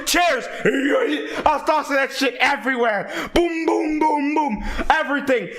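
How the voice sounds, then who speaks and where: A man telling a rambling, crude and excitable story in a casual, profane style, often restarting his sentences. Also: very high-pitched, measured pace.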